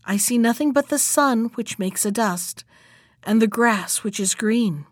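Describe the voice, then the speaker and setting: A young sister on lookout in a storybook, calm and plain, as a woman reads her. The voice sits fairly high and sounds dry and close. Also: a little slow, no echo. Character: young sister keeping watch from a tower.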